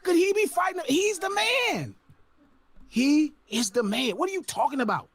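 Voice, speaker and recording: A man on a podcast ranting loudly and incredulously, with heavy swearing. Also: very high-pitched, very animated, fairly quick, dry recording. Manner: loud, profane, incredulous ranting. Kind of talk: heated podcast rant.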